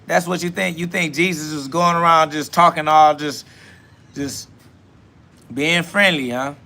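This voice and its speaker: Blunt, bright-voiced man preaching on a live podcast. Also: on the high side, steady tone, measured pace. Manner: blunt, profane, preachy, repeats "facts"; answers chat comments aloud. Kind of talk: live self-talk podcast monologue.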